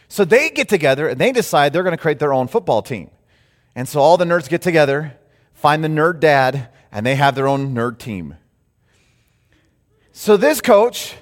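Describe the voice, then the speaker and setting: A man preaching a sermon, telling a story with lively acted-out quotes. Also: on the high side, long reverb tail. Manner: animated storytelling, acts out quotes. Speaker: pastor.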